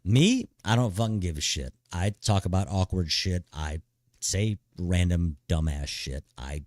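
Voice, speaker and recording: Deep, slow-talking laid-back guy. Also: expressive, a little mellow, no room sound, clean studio sound. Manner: profane, blunt big-brother advice; laid-back, repeats "dude" a lot. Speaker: live streamer. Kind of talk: casual live-stream chat.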